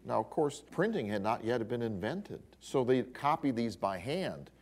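Animated man teaching a Bible class. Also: medium pitch, normal speed, few pauses. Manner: animated storyteller with exclamations. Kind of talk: classroom lecture.

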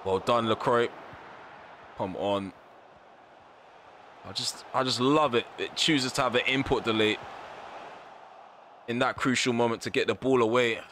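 A man's voice: mid-range voice, normal speed, long pauses, a bit bright, slight background noise. Frustrated man commentating his football game. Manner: frustrated, exasperated ranting; slangy, repeats himself. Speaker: gaming YouTuber. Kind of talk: live gameplay commentary.

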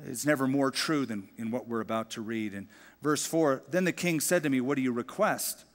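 A middle-aged male pastor teaching a sermon, telling the story lively and acting out the quoted voices. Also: medium pitch, moderate pace, long reverb tail. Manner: animated storyteller, acts out quoted dialogue. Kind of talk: expository Bible teaching sermon.

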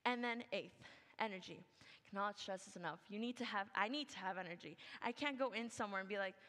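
A woman's voice: mid-range voice, fast talker, fairly bright tone. A young adult woman giving a senior project presentation, chatty and upbeat, full of "like" and "okay". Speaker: student presenter. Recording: long hall reverb.

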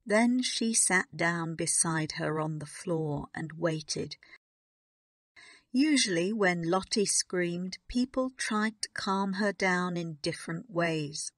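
A woman narrating a graded reader audiobook in a slow, clear and even manner. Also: lowish voice, no echo, clean studio sound.

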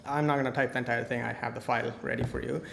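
A man's voice: mid-range voice, little pitch movement, rapid-fire, creaky, fairly bright tone. A man giving a live coding talk at a conference, with playful, joking asides. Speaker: conference speaker. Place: large conference hall. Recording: echoey hall, faint noise.

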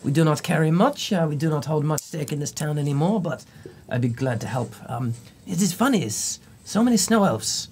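A man doing a halting old dwarf blacksmith. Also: fairly high pitch, expressive, a little mellow, slight background noise, voice pushed up. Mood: hesitant. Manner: halting, stammering, slightly formal speech. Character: older male dwarf blacksmith, hesitant and polite.

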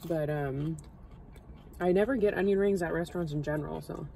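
A woman's voice: low-pitched, fairly quick, gravelly, mellow, rough recording. A woman talking casually about her food, humming with pleasure between bites and dropping 'like' often. She sits in a parked car with a faint hum of traffic outside. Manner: easygoing, hums and says 'like' a lot. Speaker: co-host of a food channel. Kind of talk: casual mukbang chat while eating.

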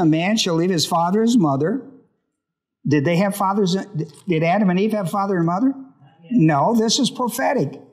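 Male pastor, slightly high voice, Bible study sermon; reads a verse, then pauses to quiz the congregation. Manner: reads scripture and breaks off with questions to the congregation.

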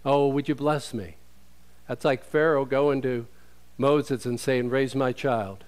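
A man's voice: mid-range voice, fairly even intonation, slow, darkish tone, clear, resonant tone. A male pastor preaching a sermon in a conversational way, asking rhetorical questions and quoting scripture.

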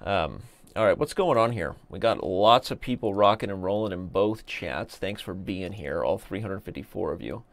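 A man's voice: low-pitched, animated, normal speed. A man in his thirties hosting a live stream, chatting casually and joking while he reads viewer comments aloud. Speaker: chess streamer host.

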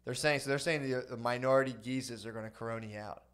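Mid-pitched male co-host, loose crude storytelling, casual banter. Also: quick pace, clear, resonant tone. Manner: crude, rambling, animated storytelling. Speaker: podcast co-host. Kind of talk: casual chat.

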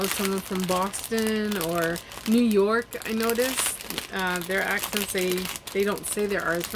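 A woman's voice: fairly high pitch, a little hiss or hum, low-quality recording. A woman chatting casually at home as she unboxes and reviews craft kits, rambling and trailing off mid-sentence.

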